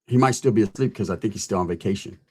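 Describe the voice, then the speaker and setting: A man casually telling a scary camping story, animated and profane, full of street slang and a constant "right?". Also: lowish voice, very fast, slight background noise. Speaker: podcast host telling a story.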